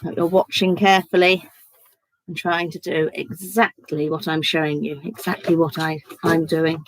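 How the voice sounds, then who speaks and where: Brief: woman, lower register, leads a kids' church craft lesson, chatty and instructive. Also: flat delivery, moderate pace, no room sound, low-quality recording. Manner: chatty, step-by-step instructing, giggly. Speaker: children's church leader. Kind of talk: online craft lesson for children.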